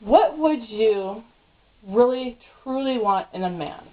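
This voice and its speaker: A woman's voice: on the high side, animated, slow pace. A woman asking the questions in a casual home video interview, in a playful, teasing manner. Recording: tinny phone-like sound.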